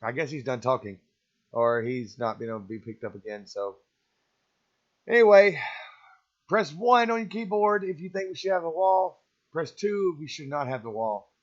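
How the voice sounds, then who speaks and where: A man's voice: a little high, lively intonation, normal speed. A man hosting a casual live-stream chat, rambling and opinionated, often chuckling. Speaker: stream host. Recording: slightly dull, lo-fi stream audio.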